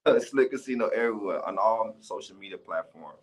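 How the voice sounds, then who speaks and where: A man guesting as a rapper on a podcast, laid-back and quick to laugh. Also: lowish voice, lively intonation. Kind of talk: casual interview chat.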